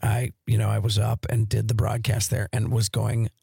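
A man from Wisconsin co-hosting a casual podcast, hoarse after losing most of his voice, but still telling stories in an animated, enthusiastic way. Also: lowish voice, moderate pace, no echo, clean studio sound. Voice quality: raspy, gravelly. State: hoarse, has nearly lost his voice. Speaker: podcast co-host. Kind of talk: casual chat.

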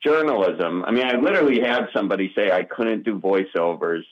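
A comedian with a Wisconsin accent is a guest in a casual interview, speaking haltingly with lots of restarts and fillers. His voice is fairly low, and the sound is lo-fi.

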